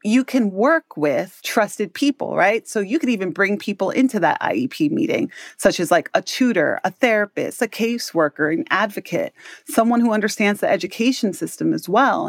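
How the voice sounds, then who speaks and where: A woman's voice: mid-range voice, animated, normal speed, gravelly. A woman in her thirties with a New York accent talks as a podcast guest. She explains things earnestly and checks in with listeners as she goes. The sound is dry and close, with no room echo. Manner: earnest, explanatory, often ends points with "right?". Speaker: guest, educator and parent. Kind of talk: podcast interview.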